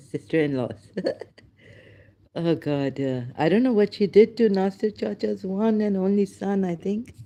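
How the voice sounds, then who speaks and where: A Pakistani woman vlogger with a deep, warm voice and a Pakistani accent tells a rambling personal story. She switches between English and Urdu, filling her speech with many fillers and apologies.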